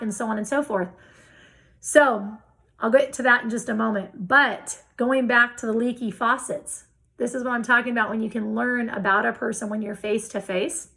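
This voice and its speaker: Gravelly-voiced woman telling a lively story. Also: a little high, poor audio. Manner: animated storyteller acting out quoted dialogue. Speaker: real estate investor guest. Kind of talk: storytelling in a casual interview.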